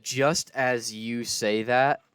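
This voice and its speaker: A man's voice: mid-range voice, fairly even intonation, extremely slow, a bit bright, clean tone, dry recording. A man narrating a tabletop game as game master, laid-back and descriptive, on a close podcast mic.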